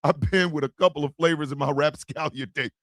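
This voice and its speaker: A man hosting a live streamed talk show, talking loudly and animatedly, often shouting and laughing. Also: a little high, quick pace, no room sound, clean studio sound.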